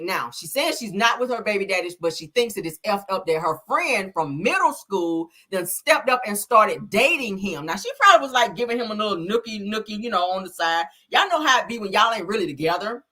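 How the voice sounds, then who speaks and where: Woman, live-stream host, sassy slangy talk, lively swooping pitch, bright sharp tone. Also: brisk. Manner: sassy, animated, slangy, laughs often. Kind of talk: casual chat reacting to viewer comments.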